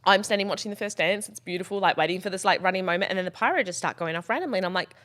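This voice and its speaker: A woman co-hosting a casual podcast, telling stories in an animated way, swearing freely and acting out what people said. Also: fairly low pitch, racing. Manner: animated storyteller, swears freely, acts out quotes. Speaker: podcast co-host and wedding planner.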